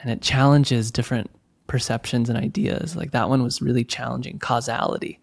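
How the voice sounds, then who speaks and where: A man hosting a spiritual podcast, chatting casually and reading aloud from his book in a gentle, playful way. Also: mid-range voice, flat delivery, brisk, gravelly, breathy edge, no echo. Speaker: podcast host.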